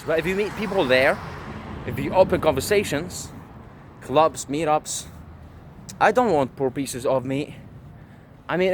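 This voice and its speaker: A man's voice: on the high side, slight background noise. A young man with a brash, boastful manner, rambling, stumbling over restarts and swearing freely as he talks to camera outdoors. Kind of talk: profane monologue to camera.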